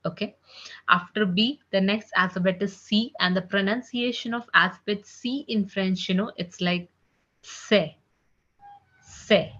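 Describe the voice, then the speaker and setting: A woman teaching an online French class, chatty with many "you know, like" fillers, drilling each sound slowly and repeating it. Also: medium pitch, sharp tone. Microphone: computer mic on a video call. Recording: slightly dull lo-fi call audio.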